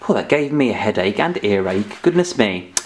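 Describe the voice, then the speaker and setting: Animated man teaching phonics. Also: lowish voice, moderate pace. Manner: animated, mock-scolding, sing-song. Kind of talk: children's educational presenting.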